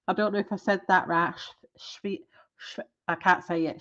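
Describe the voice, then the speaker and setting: A woman's voice: medium pitch, level tone, measured pace, lo-fi sound. A woman hosting a colouring live stream, chatting casually and giggling as she trips over product names.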